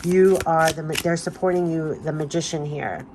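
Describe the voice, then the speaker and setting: A woman's voice: low voice, steady tone, moderate pace, noisy background. A woman doing an emotional spiritual card reading, talking in a gushing, emphatic way and repeating phrases, her voice giving out. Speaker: tarot card reader.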